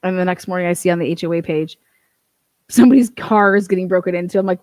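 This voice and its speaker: A woman's voice: on the low side, quick pace, darkish tone, no room sound. Blunt, profane woman ranting in a dry room. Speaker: true-crime commentator. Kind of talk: casual commentary.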